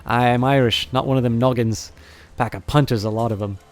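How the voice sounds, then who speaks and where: A man's voice: medium pitch, steady tone, fairly quick, lightly acted. A man voicing a brash, wry former ranger turned mercenary, blunt and folksy, in a near-everyday voice.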